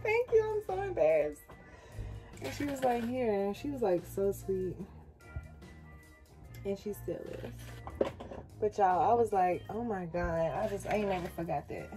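A young woman vlogging casually in a small RV kitchen, chatty and playful, talking straight to her viewers. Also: medium pitch. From United States. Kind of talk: casual chatty vlog talk. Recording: music playing under the voice. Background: background music.

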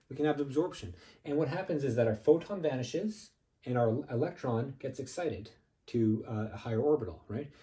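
Mellow-voiced man giving a physics lecture. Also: mid-range voice. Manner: casual explanatory, frequent "okay?" checks. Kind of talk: recorded lecture.

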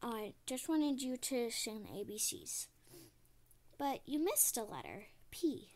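A woman's voice: on the high side, wildly swooping pitch, unhurried, darkish tone, exaggerated voice. A woman doing a bubbly sing-song schoolteacher. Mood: cheerful. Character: cheery female schoolteacher leading a class.

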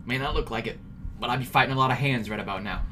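A man streams a video game, joking with chat and letting out sudden, jumpy outbursts in his let's play commentary. His voice is mid-range and rapid-fire, with background noise behind it.

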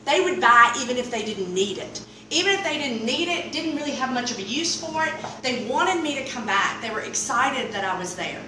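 A middle-aged woman with a Southern American accent, telling a comic story to a live audience in an animated, rambling way and acting out the dialogue. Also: fairly high pitch, a little fast, few pauses. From Mississippi Delta, US. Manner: animated, rambling, acts out dialogue with big swings. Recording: far-off, very echoey room with noise.

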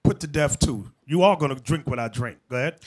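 A man preaching a fiery sermon, talking emphatically and shouting at times as he addresses the brothers. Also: medium pitch, brisk. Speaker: bishop preacher.

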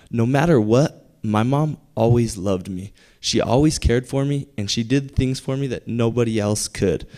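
Mellow-voiced young man telling a story. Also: mid-range voice. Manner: conversational, building to punchlines with pauses. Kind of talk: live personal storytelling. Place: theater stage.

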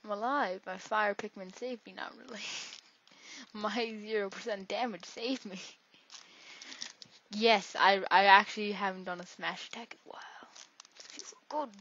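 Gameplay commentator: woman, average pitch, chatty, self-interrupting humor, muffled low-fi audio. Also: steady tone, normal speed, fairly bright tone. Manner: rambling, jokey, talks to herself. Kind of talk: casual let's-play commentary. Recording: dull lo-fi recording.

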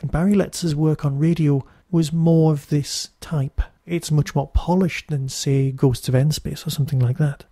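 A man's voice: a little high, warm tone, slightly rough, no echo, clean studio sound. A Newcastle man with a Geordie accent hosting a podcast, reviewing in a chatty, wry, digressive monologue. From Newcastle, England. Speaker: podcast host.

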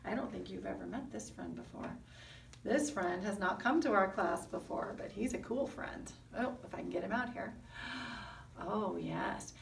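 A woman speaks at normal speed in a mid-range voice with vocal fry, over slight background noise. She teaches an online kindergarten music lesson with puppets, coaxing the kids with sing-song questions, in roomy sound from a distant mic.

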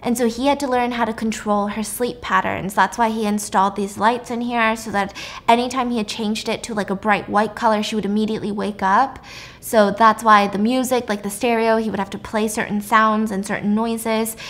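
A young woman YouTuber casually recapping a film's plot in a chatty, animated storytelling style. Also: a little high, fairly quick.

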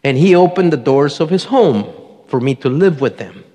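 A man's voice: a little high, lively intonation, moderate pace, mellow. A middle-aged man giving a personal testimony to a congregation, an earnest storyteller who acts out the voices he quotes. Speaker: church member giving testimony. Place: church sanctuary. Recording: long church hall reverb.

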